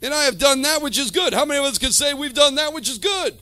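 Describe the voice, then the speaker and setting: A man preaching a sermon to a church congregation, swinging from quiet talk to shouted lines and calling out to the room. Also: very high voice, expressive, fast talker, no echo, soft background music. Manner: calls to the congregation.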